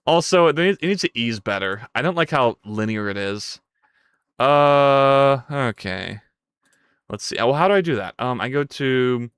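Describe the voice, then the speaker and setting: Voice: mid-range voice, a bit bright, clean tone, dry recording, clean studio sound. A live streamer thinking aloud while coding, who is playful with viewers and yelps and swears when things break. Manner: playful, chats with viewers between tasks.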